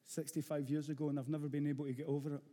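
A middle-aged man from Glasgow with a rough Glaswegian Scottish accent, preaching a sermon bluntly and earnestly, repeating phrases for emphasis. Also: a little high, little pitch movement, rapid-fire, dark tone. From Scotland, Glasgow. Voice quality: rough-edged. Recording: long hall reverb.

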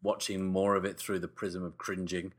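Low-voiced chatty man. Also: flat delivery, normal speed, noisy background. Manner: chatty, laughs often, trails off. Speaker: podcast co-host. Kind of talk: casual film chat.

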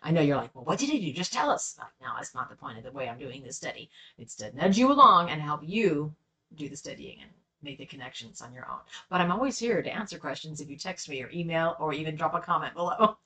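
Low-voiced woman hosting a Bible study; relaxed conversational teacher, mic set back a bit. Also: fast talker, far from the mic, rough recording. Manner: friendly, conversational, with fillers. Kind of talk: teaching and scripture reading.

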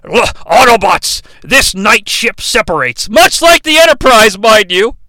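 A man voicing a solemn male robot samurai who speaks slowly and gravely. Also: high voice, sing-song, pushed and bright, dry recording, full character voice, low-quality recording.

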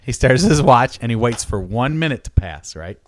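Animated man telling a long joke. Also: brisk. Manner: acts out characters with big pitch jumps, laughs mid-story. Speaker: podcast co-host telling a joke.

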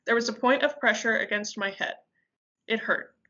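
A woman reading a dramatic story aloud with intensity, pausing now and then to correct herself. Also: on the high side, pushed and bright, dull audio. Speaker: reader. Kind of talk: amateur audiobook reading.

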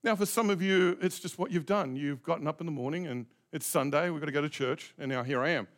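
A man's voice: fairly high pitch, quick pace. A middle-aged male pastor preaching a reflective, conversational sermon, asking his congregation direct questions.

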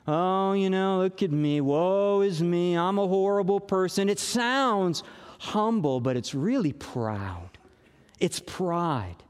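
A man's voice: sits high, a little mellow, in a large hall. A man preaching a sermon as pastor, earnest and conversational, with emphatic rises.

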